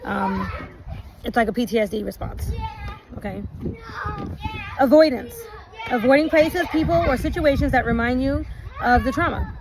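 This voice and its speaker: Woman talking to her viewers outside, kinda high voice, street noise around, reads stuff out slow then chats. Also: a crowd in the background. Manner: reads lists slowly, adds chatty asides. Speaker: relationship vlogger. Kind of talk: casual talk, reading points aloud. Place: outdoors. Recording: outdoor recording with noticeable background noise.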